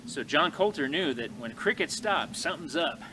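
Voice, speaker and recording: A man's voice: fairly high pitch, normal speed, noisy background. Folksy male frontier storyteller. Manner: folksy, animated, talks to the audience. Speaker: living history storyteller. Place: outdoors in snowy woods.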